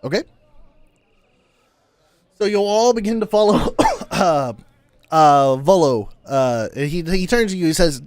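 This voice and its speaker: A man narrating as game master in a casual, halting way. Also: a little high, lively intonation, a little mellow, smooth, no echo.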